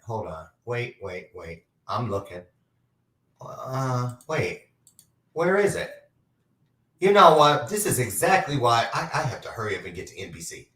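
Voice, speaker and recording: A man with a medium-pitched, sharp-toned voice hosts a talk show, chatting casually while hunting for a clip. He's chatty and a little scattered, fumbling with his screen. He sits away from the mic in an echoey room, so the sound is distant.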